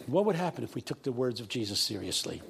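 Old guy in his 80s preaching, gravelly voice swinging way up and down, big church. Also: mid-range voice, sing-song, quick pace, a little hiss or hum. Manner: rising to shouted call-and-response peaks. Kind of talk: sermon with storytelling and humor. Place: large church.

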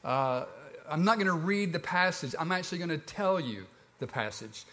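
A man with a Southern accent preaching a sermon, telling the story in a relaxed, conversational way with lively ups and downs. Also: a little high, normal speed. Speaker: pastor.

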